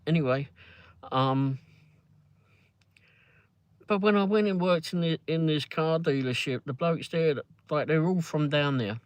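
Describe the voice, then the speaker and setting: A man's voice on the high side comes through clear and resonant, unhurried and pausing often, with no echo. He's from England, speaks with a London accent, and chats casually from a car during a live ride-along, full of fillers, rambling and free swearing.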